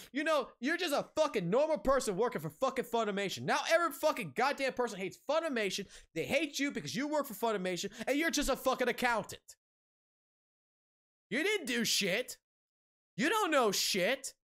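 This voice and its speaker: A man's voice: very high-pitched, a bit bright. A man streaming a casual rant, angry and heavily profane, blunt, repeating himself for emphasis.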